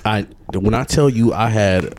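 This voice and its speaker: Man, lowish voice, lively pitch, profane joking banter, faint background noise. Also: measured pace. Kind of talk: casual podcast banter.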